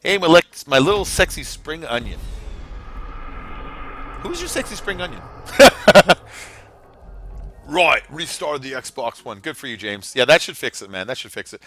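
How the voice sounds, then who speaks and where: A man's voice: medium pitch, animated, fairly quick, few pauses, sharp tone, soft background music. A man streaming a racing game, rambling casually to his chat viewers with lots of fillers. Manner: rambling, chatty, many fillers, talks straight to chat viewers. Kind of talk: casual live-stream commentary while racing.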